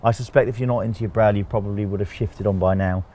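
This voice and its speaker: Male co-host, lower voice, explains in a joking, conversational way; faint noise. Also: fairly even intonation, very fast, warm tone. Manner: chatty, jokey, explaining step by step. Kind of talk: casual chat.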